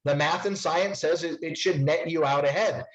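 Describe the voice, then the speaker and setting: A man giving an upbeat sales presentation of a financial product to insurance agents, with quick asides. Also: on the high side, lo-fi sound.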